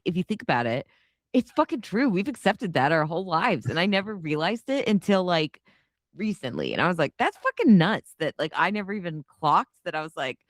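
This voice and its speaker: A woman's voice: sits low, no room sound, clean studio sound. A woman co-hosting a film podcast, chatting casually and animatedly, swearing often. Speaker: podcast co-host. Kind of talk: casual chat.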